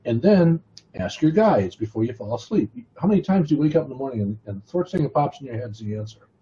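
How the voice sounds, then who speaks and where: A man co-hosts a relaxed conversation, chiming in with short, matter-of-fact remarks. His tone is mellow and dark. The recording sounds slightly dull and lo-fi. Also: medium pitch, fast. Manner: brief, matter-of-fact interjections. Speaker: co-host. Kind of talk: casual conversational chat.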